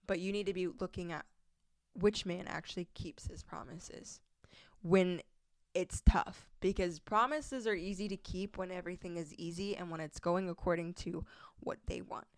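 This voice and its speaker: A woman's voice: fairly low pitch, fairly even intonation, normal speed, dry recording, clean studio sound. Chatty young woman hosting a faith talk. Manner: casual, chatty, laughs often, reads scripture aloud. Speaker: podcast host. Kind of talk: faith-based advice talk.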